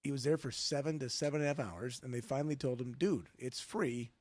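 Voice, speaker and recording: A man's voice: medium pitch, fairly even intonation, racing, no room sound. A middle-aged man co-hosting a casual talk show, easygoing and joking. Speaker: podcast co-host.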